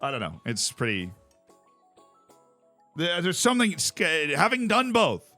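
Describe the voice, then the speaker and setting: A man streaming a game, telling stories in a casual, animated way and laughing often. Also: fairly high pitch, unhurried, soft background music. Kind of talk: casual chat while playing a game.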